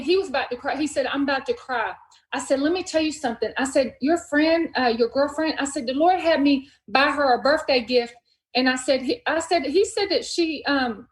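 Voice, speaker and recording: High-pitched woman chatting on a podcast, acts out every quote in her story, kind of echoey room. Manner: animated retelling, acts out dialogue in quotes. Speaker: podcast host. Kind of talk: casual faith conversation, storytelling.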